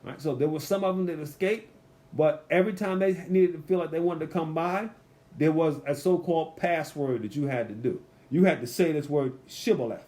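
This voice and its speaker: A man with a somewhat high voice teaches a Bible study in an easy, conversational way. He drops into quick character voices for the people he quotes, then slows right down and reads scripture with deliberate weight. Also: dark tone.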